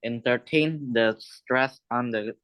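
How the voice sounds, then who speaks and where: Guy reading out a lesson text, careful and even, dry close mic. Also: mid-range voice, takes it slowly, smooth, dry recording, low-quality recording. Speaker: student reading a lesson aloud.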